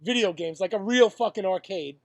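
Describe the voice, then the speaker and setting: A man's voice: high-pitched, fairly quick, dry recording. A man co-hosting a casual podcast, rambling through stories and swearing freely. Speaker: podcast co-host. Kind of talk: casual chat.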